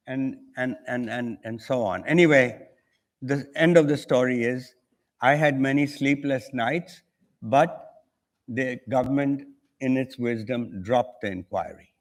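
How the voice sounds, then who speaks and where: A man's voice: medium pitch, unhurried. An older man from India with an Indian English accent, an author telling a story on a conference panel and acting out the voices of the people in it. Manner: acts out dialogue in an anecdote.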